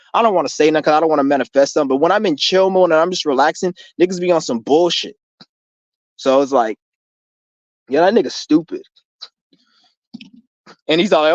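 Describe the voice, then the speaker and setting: A man's voice: on the high side, no room sound, muffled recording. A young man hosting a livestream Q&A outdoors in the rain, rambling in loose, profane street talk full of restarts. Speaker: streamer hosting a Q&A.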